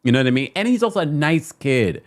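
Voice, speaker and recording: Casting: opinionated New man hosting a chatty podcast, lively and animated. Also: fairly high pitch, fast talker. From New York. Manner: animated and opinionated, talks straight to listeners. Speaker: podcast host. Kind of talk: casual pop-culture commentary.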